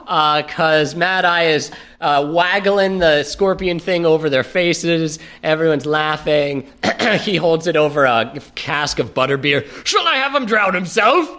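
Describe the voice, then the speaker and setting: A man's voice: fairly high pitch, unhurried, hardly any pauses, a bit bright, clean tone. A man hosting a comedy podcast, narrating a scene playfully and theatrically while laughing often. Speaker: podcast host. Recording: podcast recorded live.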